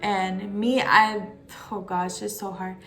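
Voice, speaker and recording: A young woman tells a painful personal story to her camera, her voice catching as she holds back tears. She talks in halting bursts, full of fillers and restarts, at a middling pitch, with faint guitar music under her. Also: little pitch movement, bright, forceful tone. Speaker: vlogger.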